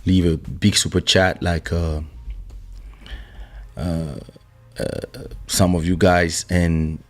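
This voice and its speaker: A man with a very low voice, hoarse from losing it, speaking slowly and easily as he hosts a live-stream podcast. He greets viewers by name and thanks them in a relaxed, unhurried chat over a faint bed of music. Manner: greets viewers by name, warm shout-outs. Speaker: podcast host. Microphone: studio microphone.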